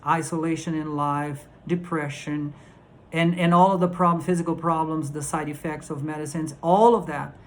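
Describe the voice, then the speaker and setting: A man earnestly recounting a conference panel in a casual spoken recap, emphatic and often restarting and repeating words. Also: on the high side.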